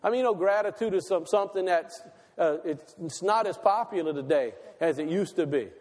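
A man preaching a sermon, asking his listeners questions and slowing down to stress key words. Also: high-pitched, a little mellow, long reverb tail. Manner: asks the audience questions, slows for emphasis.

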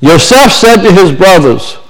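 A man with a strikingly high voice, preaching to his church. He reads a passage of scripture, then drives its point home by repeating key phrases with emphasis. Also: sing-song, a little slow, poor audio. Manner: preaching, reading scripture aloud then expounding with emphatic repetition. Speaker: pastor. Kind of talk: sermon.

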